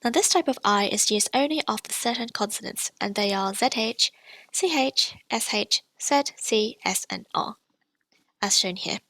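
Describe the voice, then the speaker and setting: Woman, patient language teacher, slightly high voice with some vocal fry, demonstrates sounds clearly; dry, close recording. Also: moderate pace, fairly bright tone, dry recording. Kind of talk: scripted lesson narration.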